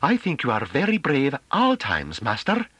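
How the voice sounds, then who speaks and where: A man voicing a timid, gentle young woman who speaks softly and hesitantly in a raised voice. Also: mid-range voice, huge pitch swings, moderate pace, husky, dry recording, muffled recording, voice pushed up, exaggerated voice. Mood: timid, admiring. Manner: soft, hesitant, eager to please.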